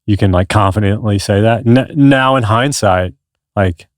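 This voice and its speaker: A man in his thirties with a lowish voice tells his story in an earnest, rambling way, with many restarts. The sound is dry and close, with no room around it. It has the easy flow of a podcast chat. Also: normal speed, dry recording. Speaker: podcast guest. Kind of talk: casual conversation.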